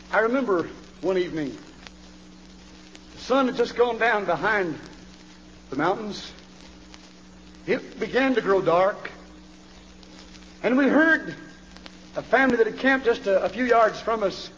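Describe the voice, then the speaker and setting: A male preacher delivering a fiery revival sermon in a church, swinging from hushed pleading to hollering. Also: high voice, a little hiss or hum. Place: church sanctuary. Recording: dull, reverberant old church recording.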